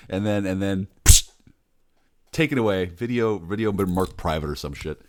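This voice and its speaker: A man in his forties, rambling in a bitter, sardonic, heavily profane monologue, muttering low and then bursting out loud. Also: expressive, fairly quick, no room sound, clean studio sound. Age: 40s. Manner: bitter, sardonic, swears a lot. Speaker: vlogger.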